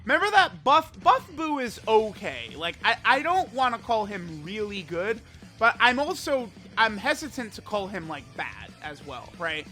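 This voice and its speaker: A man with a high, bright voice talks through a mobile game in a loose, rambling way. He piles up fillers and restarts as he thinks aloud. Faint music plays under his close-miked voice. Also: sing-song, normal speed. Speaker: mobile game content creator. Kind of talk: casual gameplay commentary.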